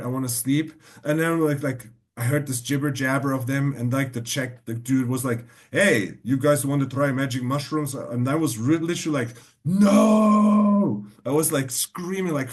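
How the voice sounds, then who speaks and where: A man hosting a podcast, telling rambling anecdotes in casual chat. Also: medium pitch. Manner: rambling anecdotes full of fillers. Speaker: podcast host.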